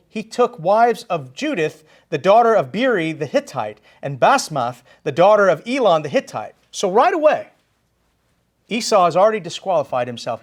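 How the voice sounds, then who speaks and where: A man preaching a sermon in a church, animated and emphatic, stressing his key phrases. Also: fairly high pitch. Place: church sanctuary.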